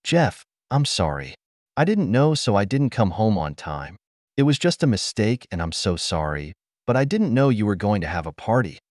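Brief: man reading as a flustered, pleading wife caught out, with lively rising pitch. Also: normal speed, no room sound, clean studio sound. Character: guilty panicking cheating wife.

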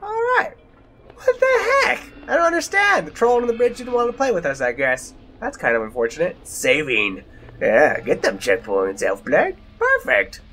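A man's voice: fairly high pitch, wildly swooping pitch, normal speed, a bit bright, faint music behind. A young man playing a horror game, jumpy and exclaiming, often mocking himself. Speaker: let's play gamer.

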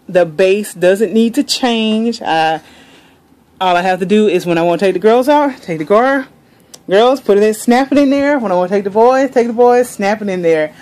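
A young woman vlogger gushing excitedly in casual chat, saying y'all a lot. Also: medium pitch.

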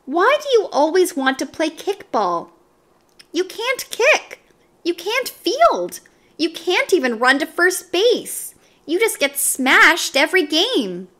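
A woman's voice: extremely high pitch, slow, voice pushed up, heavily acted. A woman voicing an easygoing, fair-minded yard teacher who talks reasonably to the children. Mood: encouraging. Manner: calm, reasonable.

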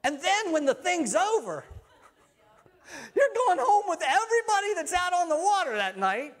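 High-voiced, chatty male pastor. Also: normal speed. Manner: chatty storytelling, animated swings in loudness. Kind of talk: sermon with personal stories. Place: church sanctuary.

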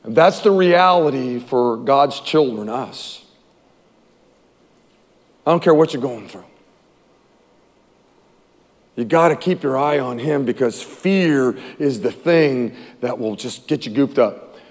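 A man preaching a sermon as pastor, telling stories with lively, repetitive phrasing, recorded in a reverberant church hall. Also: mid-range voice, measured pace. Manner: animated storytelling with repeated phrases.

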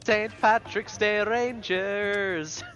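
Slow, bright-voiced exclaiming man. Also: high-pitched, fairly even intonation, soft background music. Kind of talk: casual gaming chat.

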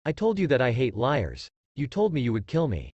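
A man's voice: mid-range voice, a little fast, no room sound, muffled recording. Naruto, a man reading as a bored undying boy ninja. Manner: flat, bored and blunt.

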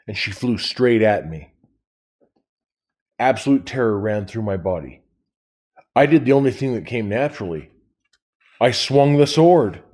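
A man reads a novel aloud in a low voice, taking his time. He tells it in the first person, like a storyteller. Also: darkish tone, slightly rough. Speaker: reader. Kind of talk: audiobook reading of a novel.

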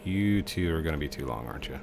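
Thirties male game host, very low voice, chatty and rambling, noisy mic with game sounds behind. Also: expressive, fast, vocal fry. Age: 30s. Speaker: let's play host. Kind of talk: casual gameplay commentary.

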